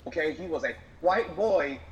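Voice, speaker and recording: A man's voice: on the high side, lively intonation, moderate pace, dull audio, a little hiss or hum. Fired-up man ranting with swearing. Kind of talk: casual chat, heated rant.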